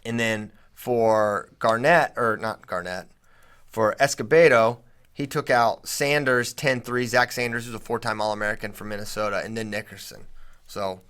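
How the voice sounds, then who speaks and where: A man co-hosting a casual sports podcast, talking in quick bursts and getting emphatic when he makes a point. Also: fairly low pitch, clear, resonant tone. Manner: animated, rising emphatically when making a point. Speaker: podcast co-host.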